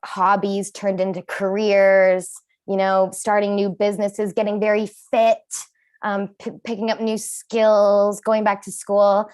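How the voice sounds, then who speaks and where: A woman doing a self-deprecating stand-up comedy set with animated punchlines. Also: mid-range voice, measured pace.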